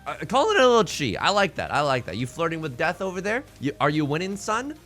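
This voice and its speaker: A man's voice: fairly high pitch, very animated, quick pace, a bit bright, soft background music. A young man hosting a let's play, giving casual, jokey commentary on his game and talking to the opponents on screen.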